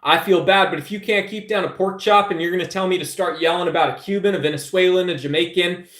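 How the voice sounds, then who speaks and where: A man with a somewhat high voice rambles to his live chat, preachy and loose, calling his listeners brother. He is recorded at home in a noticeably echoey room. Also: quick pace, a bit bright. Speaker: live stream host. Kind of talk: casual political rant to chat.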